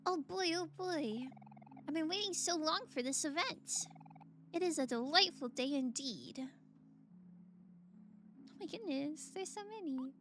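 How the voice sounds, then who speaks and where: A woman's voice: high-pitched, expressive, measured pace, pauses often, fairly bright tone, a little hiss or hum. A woman reading out a gushing, fussy theatergoer. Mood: gushing, excited. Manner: gushing, old-fashioned formal phrasing. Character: excited fussy theatergoer eager for a show.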